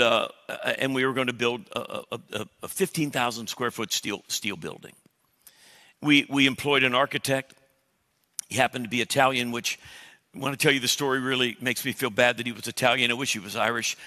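A male pastor preaching a sermon in a church, animated, joking with the crowd and acting out his own prayers. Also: medium pitch. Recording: long hall reverb.

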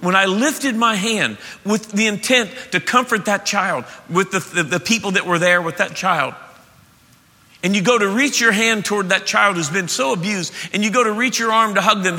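A man preaching a sermon as pastor, emphatic and animated, often restarting his sentences. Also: high voice, moderate pace. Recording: echoey hall.

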